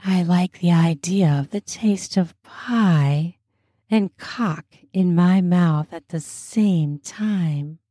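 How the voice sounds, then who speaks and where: A woman voicing a playful young waitress with a breathy, coy delivery. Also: lowish voice, slow pace, mellow, dry recording, clean studio sound. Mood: teasing.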